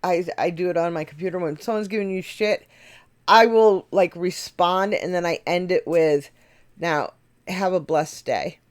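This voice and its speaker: A woman's voice: fairly low pitch, normal speed, clear, resonant tone, dry recording. A woman hosting a music reaction video, thinking aloud, chuckling now and then and correcting herself as she talks. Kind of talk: casual reaction commentary. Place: home setup at a computer.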